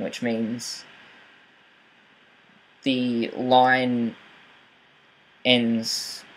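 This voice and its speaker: A man's voice: mid-range voice, gravelly, a bit bright, low-quality recording. A young man talking through how to read a poem closely, hesitant, with fillers and self-corrections. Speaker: writing channel host. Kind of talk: casual explanatory talk with poetry reading.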